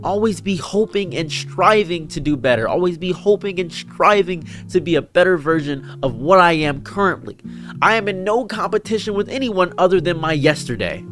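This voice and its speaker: Guy doing an earnest storytime rant, pitch jumps all over, kinda high voice, soft guitar in the back. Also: expressive, moderate pace. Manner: earnest, preachy and dramatic. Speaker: streamer and commentary creator. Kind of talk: reflective storytelling monologue. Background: faint guitar music.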